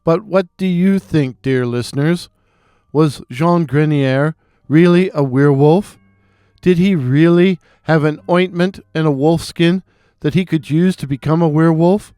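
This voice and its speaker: A man with a head cold and a gravelly voice, hosting and reading weird tales with theatrical asides to his listeners. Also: fairly high pitch, unhurried, mellow, no echo, clean studio sound. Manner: theatrical, addresses listeners directly. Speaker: storyteller and channel host.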